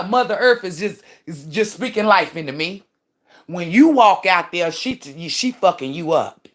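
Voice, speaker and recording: A woman's voice: on the low side, fairly bright tone. A woman hosting a livestream, ranting casually in a profane, emphatic and preachy way. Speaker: livestream host and spiritual commentator.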